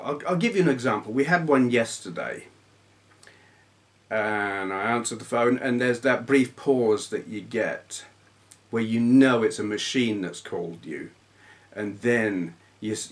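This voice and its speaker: Blunt man rambling on camera. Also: fairly low pitch. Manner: blunt, grumbly storytelling with swearing. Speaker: retro gaming YouTuber. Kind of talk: casual rambling vlog chat.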